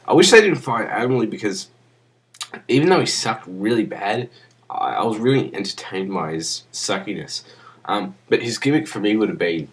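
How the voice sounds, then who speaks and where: A young man with a deep, low voice rambles off the cuff into his webcam. He sounds drunk and swears freely, his talk crude and unpolished. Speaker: vlogger. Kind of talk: rambling casual monologue.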